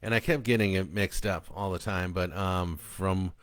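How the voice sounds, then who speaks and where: A man's voice: low-pitched, fairly even intonation, moderate pace, fairly bright tone, no echo, studio quality. A man, the author, reading his own book aloud after a casual, chatty introduction full of ums and uhs.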